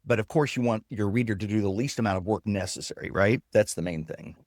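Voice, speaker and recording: A man, a technology guest, explaining and demonstrating software with enthusiasm in a casual interview. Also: on the low side, quick pace, no echo, clean studio sound. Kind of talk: casual interview with screen demo.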